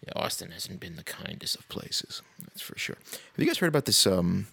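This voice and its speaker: A man with a very low voice and a gravelly, creaky edge rants on his own podcast. He talks bluntly and profanely, with a sarcastic bite and laughs between his points. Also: big pitch swings, normal speed, bright, forceful tone. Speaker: podcast host. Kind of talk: casual podcast rant.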